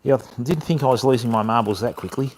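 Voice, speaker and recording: A man's voice: medium pitch, fast, a little mellow, a little hiss or hum. A man with an Australian accent hosting a casual fishing livestream, chatting with viewers and calling them mate. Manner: chatty, greets viewers by name, calls them mate and fam. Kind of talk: casual live stream chat.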